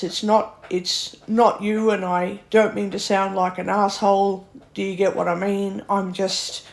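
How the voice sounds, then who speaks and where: A woman's voice: medium pitch, measured pace, vocal fry, few pauses. Blunt, swearing woman ranting. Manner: blunt, swearing, exasperated, animated. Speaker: vlogger. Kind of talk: ranting monologue to camera.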